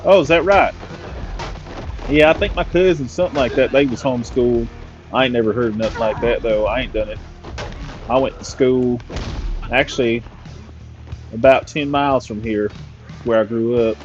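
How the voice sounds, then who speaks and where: A man's voice: mid-range voice, normal speed, pauses often, dull audio, faint music behind, natural voice. A man voicing a folksy, overfamiliar Southern mechanic, in a drawling good-ol'-boy manner. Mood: chatty.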